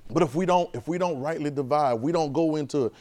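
A man in his 30s preaches a sermon, calling out to the congregation and drawing responses in a conversational, emphatic way. His voice sits on the high side, fast, with a darkish tone.

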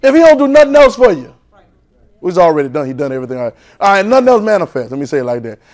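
Man, preacher, high voice, call-and-response sermon, loud then hushed. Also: big pitch swings, very fast. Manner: call-and-response, urging the congregation to repeat; swings from loud exhortation to soft near-whispers.

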